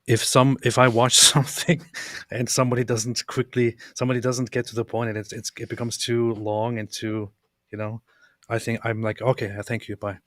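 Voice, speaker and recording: A man's voice: medium pitch, flat delivery, normal speed, a bit bright, no echo, clean studio sound. A man in casual conversation, speaking hesitantly with many fillers and repeated words. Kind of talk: casual chat.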